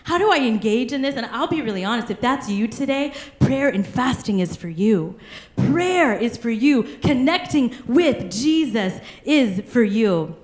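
A woman's voice: a little high, lively intonation, unhurried, a little mellow. A woman preaching a sermon, telling stories animatedly with frequent laughter. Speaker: pastor. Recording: echoey room.

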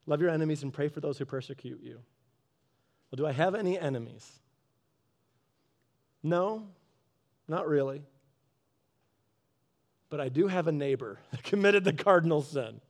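A man giving a casual devotional talk, telling a story in a lively way and acting out both sides of an argument. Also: a little high, moderate pace, long pauses. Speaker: Christian speaker. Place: garage office.

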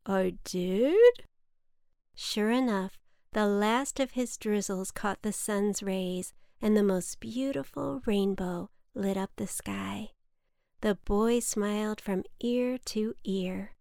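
A woman hosting a children's story podcast, narrating in a gentle, soft and soothing scripted style. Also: mid-range voice, slow pace, clear, resonant tone, dry recording, clean studio sound.

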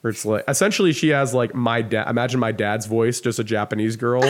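A man's voice: mid-range voice, steady tone, moderate pace, few pauses. Rambling man telling a story, heavy fillers. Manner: rambling, lots of "like" fillers, swears casually. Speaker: podcast guest. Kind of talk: casual storytelling.

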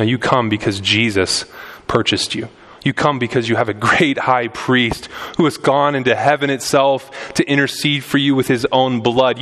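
A man's voice: mid-range voice, a bit bright. A young adult man preaching a sermon as a pastor in a church, conversational and building in intensity on key points. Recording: long hall reverb.

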